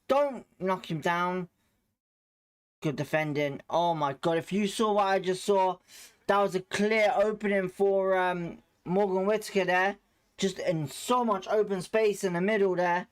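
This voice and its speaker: This watchalong host is a man who narrates a live football game with excitable reactions, stopping between moments to greet chat viewers by name. His pitch is high, his pace measured, and the tone clean.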